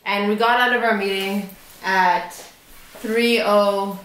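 A woman's voice: mid-range voice, fairly even intonation, a bit bright, a little hiss or hum. A young woman in her twenties chatting casually to camera as a vlogger, telling a story with laughs. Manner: chatty storyteller, drawn-out words, laughs mid-sentence. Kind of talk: casual vlog chat. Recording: echoey room.

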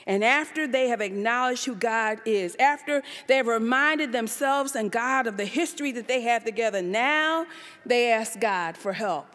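Animated woman preaching in a hall. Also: fairly high pitch, moderate pace. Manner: animated preaching, rhetorical questions, shouts. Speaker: pastor. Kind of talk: sermon. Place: church sanctuary. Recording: live church service in a reverberant hall.

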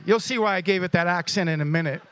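A man pastor introducing a guest speaker to his church, telling a story with animated energy and praying over him. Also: sits high, fast, slight background noise.

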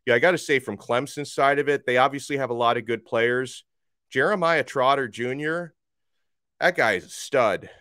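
A man's voice: mid-range voice, moderate pace, sharp tone, clean tone, no room sound, studio quality. A man hosting a sports podcast, reading listener tweets aloud and reacting frankly in a casual, chatty way. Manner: frank, conversational, reacts with laughs. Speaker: podcast host.

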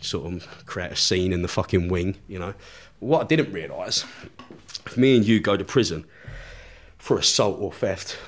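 A man's voice: sits low, lively intonation, normal speed. A man, a podcast guest telling a story in casual chat, swearing constantly and laughing as he goes.

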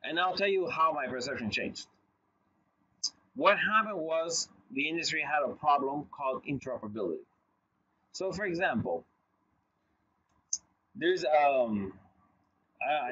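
Husky man giving a casual lecture. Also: on the high side, moderate pace, pauses often, bright, forceful tone, lo-fi sound. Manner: conversational, storytelling with asides and restarts.

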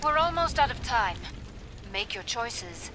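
An actor voicing a brisk in-game trader who gives curt commands and drops in French words. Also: medium pitch, sing-song, noisy background. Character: brisk shop trader directing soldiers. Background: game music.

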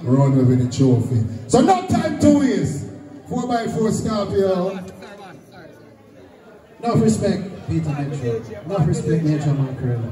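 A man from Jamaica hosting a sound clash, chatting in patois. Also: high voice. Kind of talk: hyped dancehall hosting. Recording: loud roomy live venue from a distance. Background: crowd and dancehall music.

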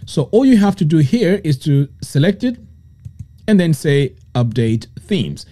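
A man presenting a screen-recorded web design tutorial, explaining each step in a relaxed, step-by-step way. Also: a little high, measured pace. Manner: relaxed step-by-step walkthrough, frequent "so" and "okay".

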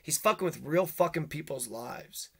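A vlogger with a slightly high, animated voice and a breathy edge rants at a moderate pace. He is agitated and accusatory, swearing constantly as he calls out people in turn.

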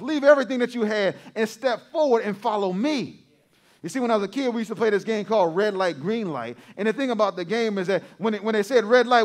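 A male pastor preaching a sermon to his congregation, repeating phrases for emphasis and calling out to the crowd. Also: high voice.

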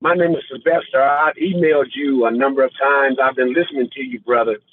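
A man calling in to an online fellowship and giving an earnest, halting testimony, getting emotional and near tears. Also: medium pitch, fairly even intonation, a little hiss or hum. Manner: earnest, halting, with many fillers and repeats. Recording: tinny phone line.

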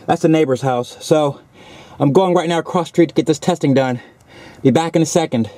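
Breathless high-voiced car audio guy. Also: brisk, mellow, dry recording. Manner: loose, chatty, explaining while working. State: slightly out of breath. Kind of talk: casual on-camera demo talk. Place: outdoors by a car on a sunny street.

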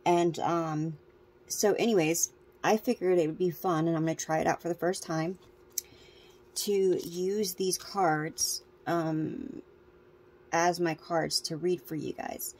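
A woman's voice: fairly low pitch, steady tone, unhurried, gravelly, a little mellow, husky. A woman tarot reader, out of breath, chatting casually and rambling to her viewers. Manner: rambling, restarts often.

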